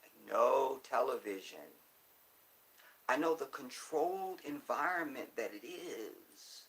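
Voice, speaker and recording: A man's voice: mid-range voice, lively intonation, takes it slowly, creaky, a bit bright, low-quality recording. A man speaking casually and emphatically to his viewers, repeating his points for stress. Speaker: commentator. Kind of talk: casual monologue.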